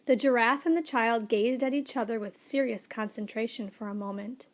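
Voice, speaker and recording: A woman narrating a children's story aloud in a measured, gently expressive way. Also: on the high side.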